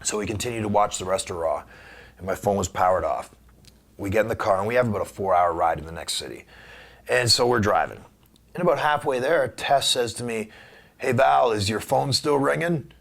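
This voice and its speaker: A man being interviewed, telling a story in a casual, animated way and acting out the voices of the people in it. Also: fairly low pitch, brisk, vocal fry. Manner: animated anecdote teller who acts out quoted voices. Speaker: guest wrestler.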